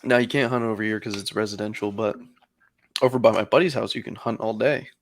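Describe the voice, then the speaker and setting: A man's voice: on the low side, steady tone, fast, background noise. A man co-hosting a podcast, telling a long story in casual chat with lots of fillers and some swearing. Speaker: podcast co-host.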